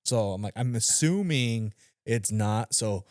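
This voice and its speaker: A podcast co-host in casual chat, a man with a fairly low voice that swings widely as he acts out quotes. He swears freely and tells stories with energy. The sound is dry and close. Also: animated, a little slow, a little mellow, no room sound.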